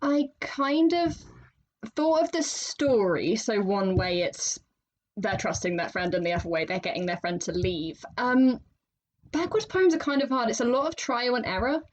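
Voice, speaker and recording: Woman cohost on a writing podcast, chatty, giggly, kinda high voice. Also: moderate pace, dull audio. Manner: laughs often, chatty and animated. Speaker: podcast co-host. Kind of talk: casual chat.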